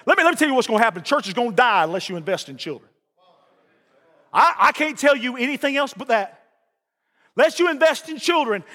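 A male pastor preaching a folksy sermon, repeating lines and building to shouts. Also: very high voice. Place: church sanctuary. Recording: reverberant church hall.

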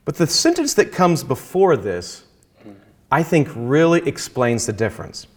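A man in conversation, earnestly explaining his Christian faith and quoting scripture, slowing down to stress key phrases. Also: fairly high pitch, very animated. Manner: quotes scripture, halting restarts. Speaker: Christian guest speaker.

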